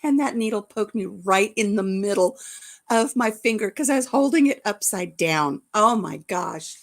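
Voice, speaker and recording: A woman's voice: mid-range voice, lively intonation, moderate pace. Chatty, rambling woman vlog host. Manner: chatty and rambling, greeting viewers by name. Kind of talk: casual livestream chat.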